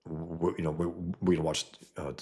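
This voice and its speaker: A man's voice: a bass voice, flat delivery, fairly quick, mellow. A man hosting a casual livestream, reading chat comments and rambling bluntly, often trailing off mid-sentence.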